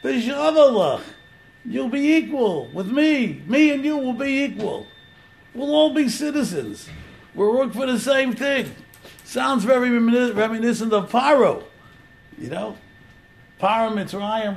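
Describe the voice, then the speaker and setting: A man's voice: very high-pitched, animated, a little slow, vocal fry, a little hiss or hum. A man giving an informal religious lecture, telling the story animatedly and acting out the quotes. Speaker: Torah teacher.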